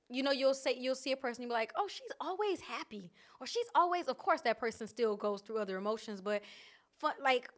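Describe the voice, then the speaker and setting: High-voiced woman vlogging, candid. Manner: candid and expressive, with frequent laughs and restarts. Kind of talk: casual reflective talk to camera.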